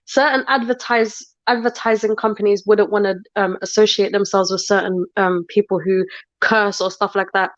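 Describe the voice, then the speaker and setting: A woman on a live-stream panel. She explains things in a measured way with hesitant fillers. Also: medium pitch, steady tone, dry recording. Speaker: panel guest. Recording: dull, dry lo-fi stream audio.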